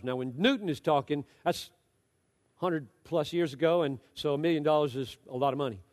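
A man preaching a sermon with passion, moving between loud exhortation and low, hushed storytelling. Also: a little fast, long reverb tail.

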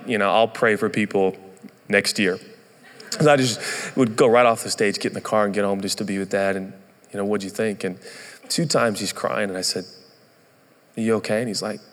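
A man's voice: lowish voice, in a large hall. A man in his thirties, a pastor, telling a candid, self-deprecating story in a sermon.

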